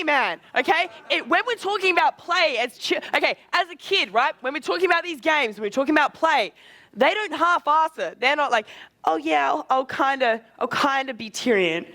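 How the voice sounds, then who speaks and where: Energetic man coaching a live seminar. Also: extremely high pitch. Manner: energetic, casual, swearing, quick asides. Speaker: social skills coach.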